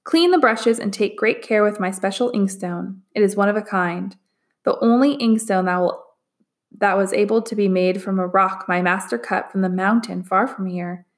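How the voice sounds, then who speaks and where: A woman voicing a wise older male master painter who speaks in a measured, hushed way in a storybook reading. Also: mid-range voice, close to an everyday voice.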